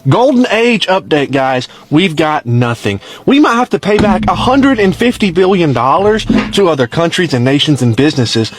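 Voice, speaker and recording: A man's voice: fairly high pitch, lively intonation, moderate pace, few pauses, a little hiss or hum. A man in a video clip ranting in an exasperated, bitter way. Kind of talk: frustrated video rant.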